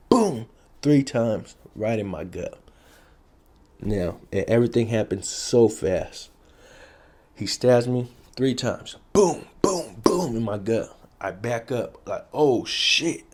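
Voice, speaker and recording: Slow and dark-toned, with a lowish voice, a streetwise man tells stories of his past to camera in a casual street style. His delivery is blunt and profane, and he repeats important phrases for effect.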